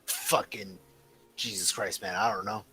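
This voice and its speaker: A man joking loudly and bluntly with a friend, swearing as he talks. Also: low-pitched, fairly even intonation, measured pace, husky, soft background music, rough recording. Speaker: co-streamer. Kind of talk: casual banter.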